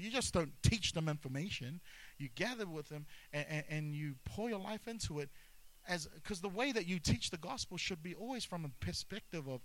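A man's voice: high voice, fairly bright tone, low-quality recording. A man preaching a sermon as pastor, emphatic, repeating key phrases and mixing humor with intensity.

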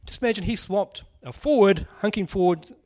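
A man's voice: high-pitched, fairly quick, darkish tone. A man preaching a casual sermon, joking and putting questions to the congregation. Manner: chatty, jokey, asks the audience questions.

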